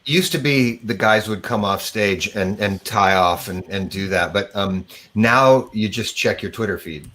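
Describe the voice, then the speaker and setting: A man's voice: on the low side, measured pace, hardly any pauses, sharp tone. A man guesting on a talk show, with dry, wry humor in easy conversation. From United States. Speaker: guest musician. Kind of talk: casual interview chat.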